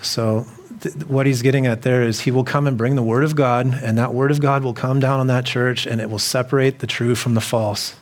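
A man's voice: medium pitch, slightly rough. Conversational man preaching a sermon. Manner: conversational preaching, repeats phrases and asks the listeners questions. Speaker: pastor.

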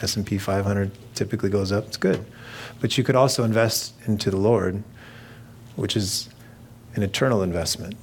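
A man's voice: on the low side, fairly even intonation, moderate pace, a little hiss or hum. A middle-aged man preaching a sermon in a conversational, jokey way, slipping into mimicked voices for asides. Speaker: pastor.

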